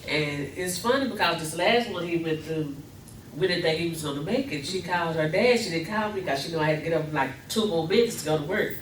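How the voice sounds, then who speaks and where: Starsza kobieta z południowym teksańskim akcentem, żywo opowiada, echo w sali, nagrana z daleka. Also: female voice, brisk, slight background noise. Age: older. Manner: animated, acts out quotes with big pitch jumps, laughs often. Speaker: grandmother sharing testimony. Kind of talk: casual storytelling testimony. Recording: echoey room, recorded from far off.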